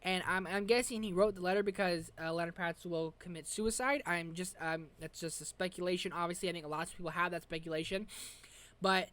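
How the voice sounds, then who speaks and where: A woman giving a casual, slangy episode review as a vlogger, excitable and rambling. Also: fairly low pitch, brisk.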